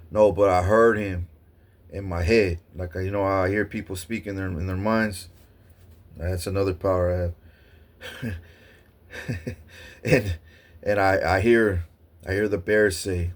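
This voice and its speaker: A man vlogger telling a story in a casual, rambling and excitable way, swearing often. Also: fairly low pitch, unhurried, pauses often.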